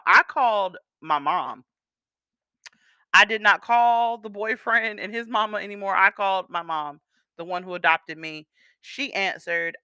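A woman's voice: on the low side, pushed and bright, smooth, dry recording, clean studio sound. A woman telling viewers a personal story in a candid, profane, conversational storytime vlog.

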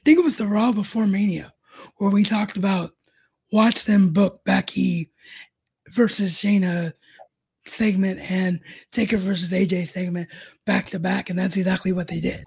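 A woman co-hosting a casual chat over a remote call, with a gravelly, husky voice. She is agreeable, often chiming in to agree, and steers the conversation back on track. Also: mid-range voice, fairly even intonation, moderate pace, darkish tone. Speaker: podcast co-host.

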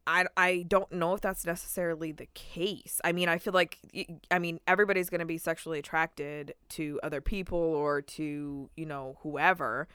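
A woman's voice: sits low, steady tone, normal speed, few pauses, pushed and bright, clear, resonant tone, no room sound, studio quality. A young woman co-hosting a podcast in casual chat, rambling with lots of fillers and frequent laughs. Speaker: podcast co-host.

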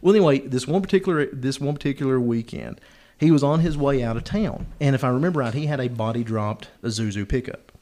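A man's voice: medium pitch, quick pace, mellow. A man, hosting a podcast and telling a long, rambling, joking story. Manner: rambling, laughs often, plays up the joke. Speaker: podcast host. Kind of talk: casual storytelling.

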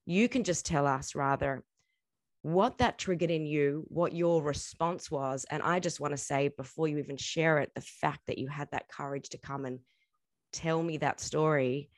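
Low-voiced woman host, earnest. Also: no echo. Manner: earnest, reflective, speaks with long winding sentences. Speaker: interview host. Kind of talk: heartfelt conversational interview.

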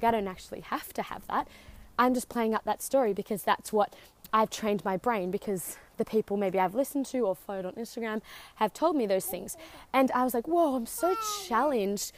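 A young woman hosting a casual faith podcast. She rambles chattily with lots of fillers and sounds out of breath from walking outdoors on her driveway. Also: medium pitch. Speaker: podcast host.

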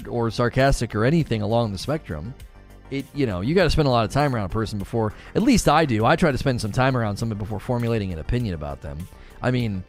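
A young adult man chatting casually on a live stream, talking with animation and laughing often. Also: medium pitch.

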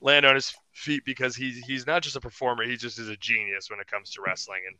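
A young man chats on a podcast, a wrestler telling a story with lots of restarts and laughs. His voice is bright and smooth, and it is recorded dry and close with no room sound. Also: mid-range voice, flat delivery, fast, no room sound. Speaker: podcast guest, pro wrestler. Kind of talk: casual podcast chat.

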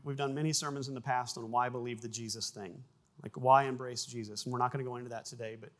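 A pastor with a mid-range voice preaches an animated sermon, often repeating words and acting out sound effects in his stories.

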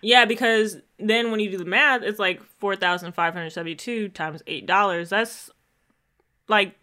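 A woman co-hosting a podcast in casual chat, sarcastic and quick to laugh, reading emails aloud in a mocking tone. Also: medium pitch, pushed and bright. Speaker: podcast co-host.

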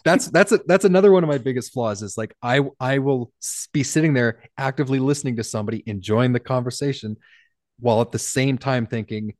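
A man's voice: medium pitch, brisk, a little mellow, no echo, clean studio sound. A man from Canada, a business owner, chatting candidly as a podcast guest and rambling through frequent restarts. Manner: candid, rambling, self-deprecating with many restarts. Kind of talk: casual interview chat.

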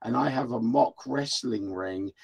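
A man co-hosting a podcast who jokes loudly and swears freely, bursting into shouted punchlines. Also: medium pitch, measured pace, gravelly, husky, lo-fi sound. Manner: exuberant, profane, shouting jokes. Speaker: podcast co-host. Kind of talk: casual podcast banter.

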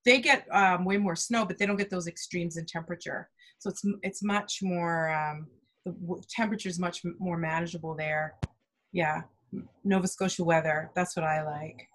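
A woman from Canada co-hosts a casual doula podcast. Her voice is bright and clear, and she talks in a lively, self-deprecating, chatty way. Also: lowish voice, normal speed, slight background noise. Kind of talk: casual chat.

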